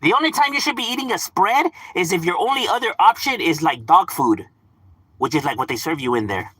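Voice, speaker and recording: A man's voice: high voice, expressive, brisk, bright, forceful tone, slightly rough, no echo. A man streaming a game, ranting casually in profane street slang with mock exasperation and frequent laughter. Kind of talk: casual live-stream rant.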